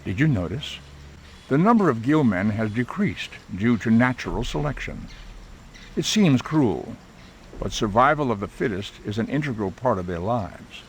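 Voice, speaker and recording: A man as the narrator of a video game, explaining events in a calm, measured way. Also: mid-range voice, a little hiss or hum.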